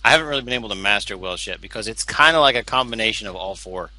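A man's voice: on the low side, animated, rapid-fire, bright, forceful tone, no room sound, rough recording. A man chatting casually while playing a game, playful and fond of putting on accents. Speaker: game player. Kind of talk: casual gameplay chat.

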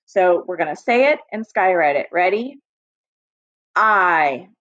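A woman's voice: on the low side, lively intonation, slow pace, fairly bright tone, no echo. A woman teaching an early-reading lesson to young children in a patient, encouraging way, speaking directly to her students. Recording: dry, slightly dull lo-fi audio.

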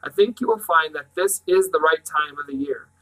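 A man's voice: fairly high pitch, normal speed, pushed and bright, rough recording. A man reading a firm, curt old professor. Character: gruff, commanding old great-uncle professor.

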